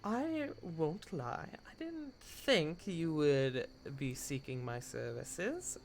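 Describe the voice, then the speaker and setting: A man voicing a tired, flattering fire-spirit courtesan woman with soft, courtly speech. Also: on the high side, takes it slowly, creaky, slight background noise, full character voice. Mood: gracious.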